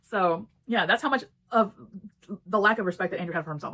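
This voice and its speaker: A woman's voice: medium pitch, a little fast, vocal fry, fairly bright tone. A woman giving a casual book review, blunt and swearing freely as she retells the story and acts out the characters' lines.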